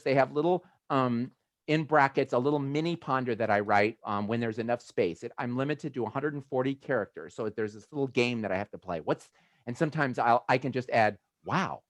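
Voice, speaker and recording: A man from the United States hosting a video call, talking casually in a rambling way with animated asides. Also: medium pitch, dry recording. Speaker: host of a motivational video call. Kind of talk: casual chatty talk.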